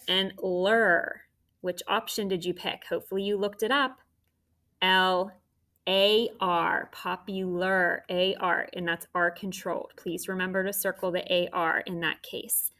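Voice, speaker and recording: A woman teacher leading a phonics dictation lesson, giving slow, carefully enunciated instructions to students. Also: mid-range voice, fairly bright tone.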